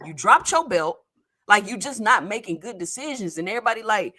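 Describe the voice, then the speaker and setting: A man's voice: extremely high pitch, big pitch swings, fast talker, pushed and bright, slightly rough. A man hosting a casual boxing talk show, talking in a loose, slangy, conversational way. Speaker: host.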